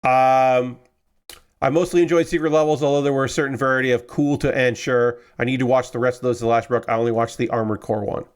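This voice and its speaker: A tired man hosting a casual model-building live stream, rambling in a relaxed way with lots of filler words and restarts. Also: mid-range voice, fast talker, clean tone. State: tired, yawning.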